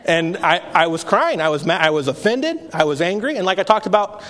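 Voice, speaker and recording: Earnest preacher in a reverberant church. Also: male voice, high voice, animated, fairly quick, fairly bright tone. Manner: conversational, earnest, with frequent restarts. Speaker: pastor. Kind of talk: sermon. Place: church sanctuary. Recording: long reverb of a hall.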